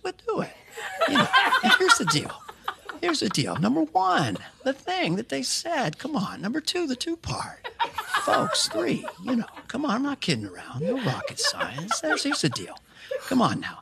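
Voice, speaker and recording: A man's voice: very high-pitched, creaky, very noisy, exaggerated voice. A man doing a comedy impression of a rambling elderly male politician who repeats folksy catchphrases, garbles his words and trails into whispers. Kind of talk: comedy impression on a talk show. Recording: TV clip with audience laughter.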